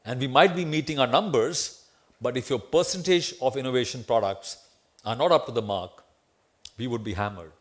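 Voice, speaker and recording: A man's voice: medium pitch, moderate pace. A middle-aged man with an Indian English accent gives a lecture in an auditorium, asking the audience questions and tagging lines with "right?". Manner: conversational, asks the audience questions, tag "right?". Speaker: guest lecturer. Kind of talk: memorial lecture to students.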